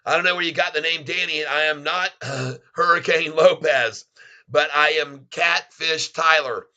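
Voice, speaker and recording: Excitable Southern man, bright forceful voice. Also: on the high side, moderate pace, lo-fi sound. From Florida, US. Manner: excitable and effusive, thanks viewers often. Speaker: livestream host. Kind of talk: casual live stream chat.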